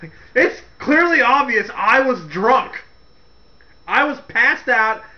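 A man hosting a casual comedic rant, laughing as he retells events in an animated way. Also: extremely high pitch, takes it slowly, highs cut off. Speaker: wrestling commentary host.

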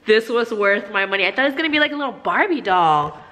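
A woman's voice: medium pitch, fast. A young woman vlogging casually, rambling and emotional, full of fillers and restarts. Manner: gushing and gasping with excitement. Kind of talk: casual vlog chat.

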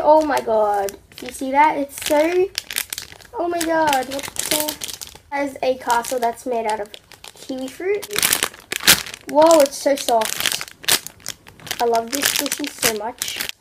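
Young woman vlogger, high voice, super gushy and excitable, faint crinkly noise in back. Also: rough recording. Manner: gushing, excitable, many exclamations. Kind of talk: casual product unboxing.

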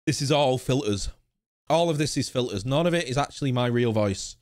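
In a mid-range, slightly mellow voice, a young sim racing streamer rambles and chats casually with his viewers. He sounds expressive and talks fairly quickly.

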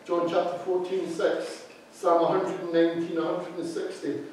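A man's voice: on the high side, flat delivery, normal speed, slight background noise. A man preaching a sermon as associate minister, emphatic and repeating key phrases for stress. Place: church. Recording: very echoey hall, speaker far from mic.

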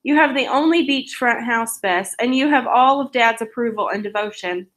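A woman's voice: on the high side, normal speed, fairly bright tone, natural voice. A woman reading aloud the lines of an aggrieved middle-aged sister in a snappish way.

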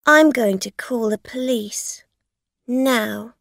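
A woman reading a storybook, voicing a bold, demanding middle-aged woman who talks in a sharp, insistent way. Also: on the high side, slow, gravelly, no room sound, studio quality, voice pushed up, exaggerated voice.

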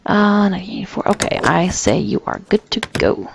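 A woman's voice: mid-range voice, very animated, brisk, creaky. A woman giving flustered, self-mocking let's play commentary and talking back to the game characters. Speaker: gamer. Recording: noisy home recording.

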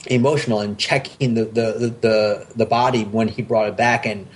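A man's voice: fairly low pitch, steady tone, moderate pace. Man chatting on a fan podcast. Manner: enthusiastic, rambling with frequent restarts. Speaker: podcast host. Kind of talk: casual podcast discussion.

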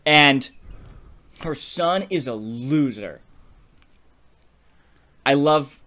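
A young man co-hosting a podcast, telling a silly story idea in an animated, playful way. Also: fairly high pitch, drawn-out words. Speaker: podcast co-host. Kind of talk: casual brainstorming chat.

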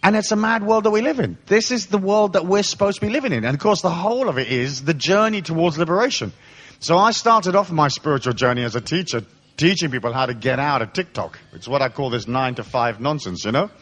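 A man's voice: a little high, animated, quick pace, a bit bright. A man giving a live spiritual lecture, irreverent, joking and profane. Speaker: spiritual speaker.

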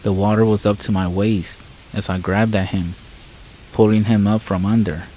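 A man reads a scripted first-person horror story in a measured, somber way, his low voice keeping a flat, even melody. Faint rain patters behind him, and the poor audio carries a little hiss or hum.

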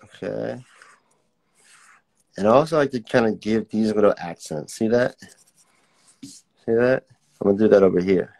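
A relaxed young man leads a live-streamed drawing class, chatting easily with viewers and reading their comments aloud. His voice sits fairly low, and his talk is loose and friendly while he sketches. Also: normal speed, vocal fry, long pauses. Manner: laid-back, chatty, reads out viewer comments. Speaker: art teacher.

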